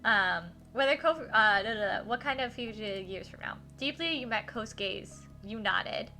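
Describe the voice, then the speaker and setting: A woman's voice: on the high side, lively intonation, normal speed, bright, forceful tone, faint music behind. A young woman streaming a story game live, reading text aloud and reacting with giggly, gushing asides.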